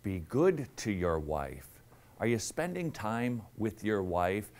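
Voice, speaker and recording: A man's voice: lowish voice, big pitch swings, slow, darkish tone. A man giving blunt, urging preachy commentary.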